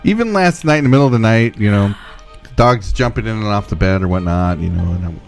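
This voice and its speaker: A man's voice: lowish voice, lively intonation, fast talker, soft background music. A young man co-hosting a podcast, chatting casually in a laid-back, rambling way. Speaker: podcast co-host. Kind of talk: casual banter.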